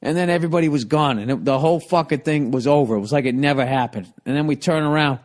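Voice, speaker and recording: Man, comedic storytelling, profane, animated, slightly high voice. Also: fast talker. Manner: profane, animated, swings loud and quiet. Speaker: comedian guest.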